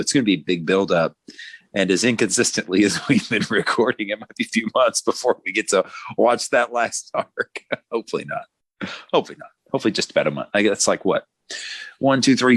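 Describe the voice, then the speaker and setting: A man's voice: on the low side, dry recording. A man hosting a podcast, chatting casually and rambling with jokes. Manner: rambling and joking, lively ups and downs. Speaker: podcast host. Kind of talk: casual chat.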